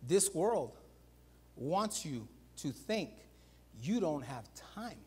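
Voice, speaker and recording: A pastor preaching a sermon in an animated way, calling out to the congregation and swinging between loud calls and low, quiet emphasis. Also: male voice, slow, husky. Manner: animated preaching, repeats "watch this" and "guys".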